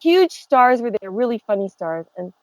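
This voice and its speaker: An older woman guest, telling lively stories and gossip in casual chat over a remote connection. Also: on the high side, moderate pace, no room sound, rough recording. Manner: gossipy, animated storyteller who laughs often. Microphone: remote call.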